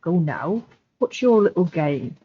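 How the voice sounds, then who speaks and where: A woman on a livestream voicing a wary young male hobbit servant with a rough rural accent attempt, over lo-fi audio. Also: lowish voice, big pitch swings, slow pace, full character voice. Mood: suspicious. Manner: suspicious, attempts a rural West Country accent.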